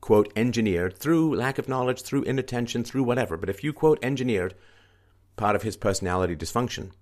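A man's voice: expressive, fairly quick, a little mellow. A man commenting on a news article he reads aloud, talking in an emphatic, repetitive way. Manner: emphatic, repetitive, swings into mocking higher-pitched quoting.

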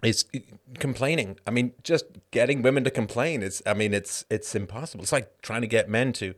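A man's voice: medium pitch, brisk. A man hosting a livestream show, talking casually in a sarcastic, mocking way and breaking into fits of laughter. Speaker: host of a call-in livestream show. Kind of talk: casual monologue.

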